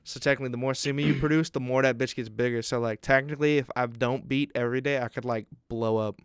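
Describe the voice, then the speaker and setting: Laughing often and speaking at a quick pace, a young man co-hosting a podcast spins a profane story with animated energy in a casual chat. His middle-pitched voice is smooth and resonant, recorded close and dry without any room sound or echo.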